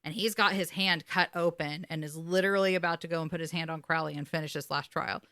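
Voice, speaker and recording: Bright-voiced woman recapping TV. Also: low voice, fast talker, no echo, clean studio sound. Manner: emotional, swearing, animated retelling. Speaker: podcast co-host. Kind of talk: casual recap chat.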